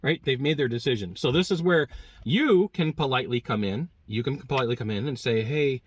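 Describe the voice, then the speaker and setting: A man giving a casual spoken sales lesson, telling stories and acting out customers' lines with lively swings in voice. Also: medium pitch, a little fast, husky. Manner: animated storytelling, acting out customer quotes. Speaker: sales trainer.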